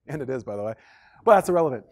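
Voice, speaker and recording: A man giving a motivational workshop talk with energetic, playful storytelling. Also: medium pitch, very fast, vocal fry. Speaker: workshop speaker.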